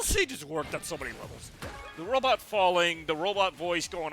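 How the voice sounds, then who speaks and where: A man's voice: fairly high pitch, lively intonation, a little fast, sharp tone, soft background music. A man streaming a game live, chatting casually with viewers, rambling and laughing often.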